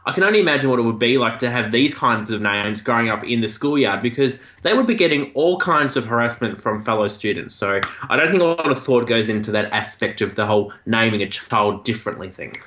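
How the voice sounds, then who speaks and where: A man chatting as a podcast co-host, his bright voice leaping around in pitch. The sound is roomy and a bit dull and lo-fi. He laughs often and pushes his voice high for emphasis. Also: lively intonation, brisk, few pauses. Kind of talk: casual chat. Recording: echoey, dull lo-fi room sound.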